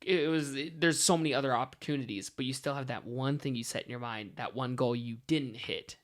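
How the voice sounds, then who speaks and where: A man chatting casually as a podcast guest in a home studio, telling self-deprecating stories with lively energy. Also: medium pitch, brisk. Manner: animated, self-deprecating storyteller.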